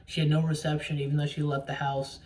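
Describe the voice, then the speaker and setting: A solo movie reviewer vlogs casually, recapping a film's ending with spoilers while rambling, swearing and drifting off on tangents. The voice is medium-pitched and darkish, fast with little pitch movement, caught on a distant mic with faint room noise.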